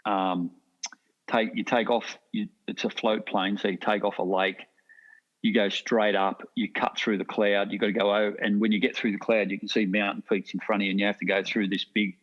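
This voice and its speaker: A middle-aged man with an Australian accent, a podcast guest telling hunting stories in a rambling, animated way with lots of restarts. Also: lowish voice, brisk. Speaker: guest hunter. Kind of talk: casual storytelling. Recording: dull lo-fi podcast audio.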